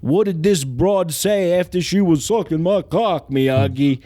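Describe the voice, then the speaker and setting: A man's voice: high-pitched, unhurried, mellow, no echo. A man putting on the voice of a foul-mouthed, swaggering tough-guy karate kid. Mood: taunting. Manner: crude, taunting, swaggering.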